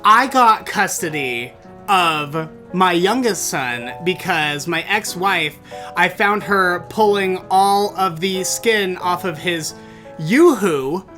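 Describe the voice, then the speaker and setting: A man's voice: high-pitched, animated, takes it slowly, bright, forceful tone, faint music behind, full character voice. A man voicing a brash, boozy older male date, who speaks bluntly and matter-of-factly.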